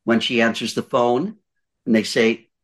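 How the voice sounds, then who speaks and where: A man's voice: medium pitch, steady tone, unhurried, fairly bright tone. An older man giving voice-over advice in a podcast conversation, emphatic, repeating his points and asking rhetorical questions. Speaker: guest voice-over coach.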